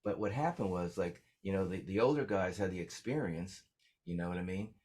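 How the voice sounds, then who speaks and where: A man's voice: low-pitched, lively intonation, a little fast, a little mellow, husky. A man telling stories as a songwriter guest in a casual interview, rambling with lots of fillers.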